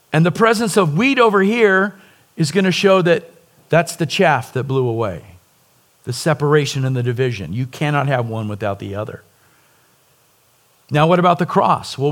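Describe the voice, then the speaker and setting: Earnest middle-aged preacher, slightly high voice. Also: male voice. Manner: earnest, emphatic preaching with frequent rhetorical "right?". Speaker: pastor. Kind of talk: sermon.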